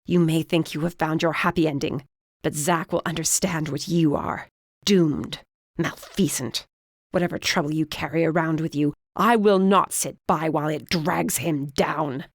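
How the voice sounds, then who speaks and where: A woman's voice: low voice, steady tone, normal speed, no echo, clean studio sound. A woman voicing a stern, disapproving middle-aged witch mother with a clipped, imperious manner in an audiobook. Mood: cold.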